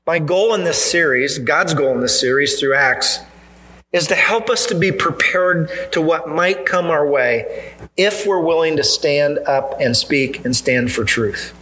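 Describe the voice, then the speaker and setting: Male pastor, fairly high bright voice, emphatic sermon delivery, addresses congregation directly. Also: measured pace, slight background noise, rough recording. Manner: earnest, emphatic preaching with pointed repetition. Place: church.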